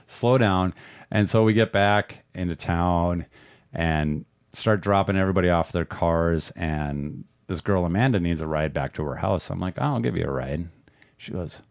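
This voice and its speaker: A man's voice: sits low, no room sound. A man, a podcast guest, telling a rambling, profane story in a casual way and laughing often.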